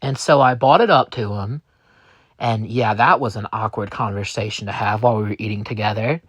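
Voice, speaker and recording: A man's voice: on the low side, a little fast, a bit bright, husky, no room sound. A man telling a first-person story in character, rambling with many restarts and fillers.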